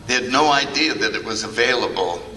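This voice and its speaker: A man's voice: medium pitch, expressive, brisk, bright, forceful tone, slight background noise. An older man giving a humorous, anecdotal talk to a convention audience, acting out the remarks he quotes. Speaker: recovery meeting speaker. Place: large convention hall. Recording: echoey hall, picked up from a distance.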